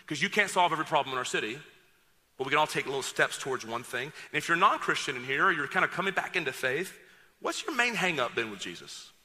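Bright-voiced male pastor, joking sermon. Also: medium pitch. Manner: conversational, joking and direct with the congregation. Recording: long reverb of a large hall.

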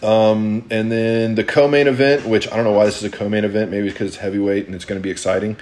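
Low-voiced man chatting on a podcast. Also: flat delivery, quick pace, darkish tone. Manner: rambling, lots of ums and restarts. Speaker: podcast co-host. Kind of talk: casual podcast chat.

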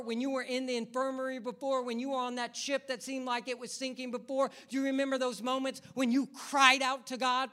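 A male pastor delivers a sermon in a bright, ringing voice. He drives each point home with rhythmic repetition and keeps turning to the congregation with rhetorical questions. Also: very high voice.

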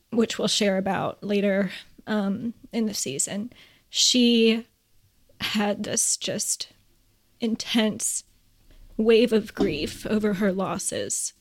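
A woman co-hosting a podcast, speaking earnestly and tearfully, pausing often as she shares a heartfelt story. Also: medium pitch. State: crying. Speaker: podcast co-host.

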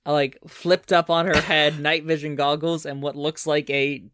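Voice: mid-range voice, level tone, normal speed, fairly bright tone. A game master narrating a tabletop game in a hesitant way, with many fillers.

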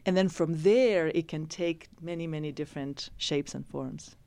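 A low-pitched woman speaks as a guest on a radio interview. She talks in a reflective and thoughtful way, often circling back and restarting her sentences. Her voice is smooth and clear, and the studio sound is dry and close. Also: moderate pace, warm tone, dry recording.

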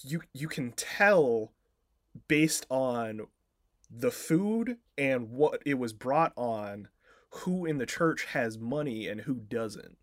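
A man's voice: mid-range voice, expressive, slow pace, dry recording, studio quality. A man co-hosting a podcast, casually retelling a film plot in a rambling way, full of filler words and swearing. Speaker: podcast co-host.

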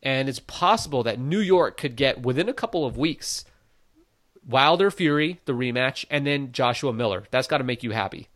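A man in the middle of a relaxed sports talk show, giving his opinions with animated emphasis. His pitch sits in an ordinary middle range, and he leans on casual fillers as he talks. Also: normal speed. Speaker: boxing podcast co-host. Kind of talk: casual conversational commentary.

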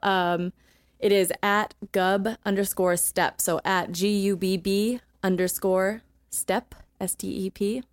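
A woman's voice: mid-range voice, steady tone, slow pace, no echo. A young woman co-hosting a podcast in casual chat, talking loosely with many fillers and frequent laughs. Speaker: podcast co-host.

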